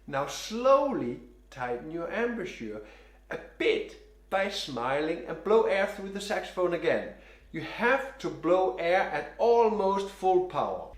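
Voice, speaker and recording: A man teaches saxophone breathing and tone, calmly giving step-by-step instructions and demonstrating each exercise himself. His voice sits high and a little slow, with a roomy echo in the recording.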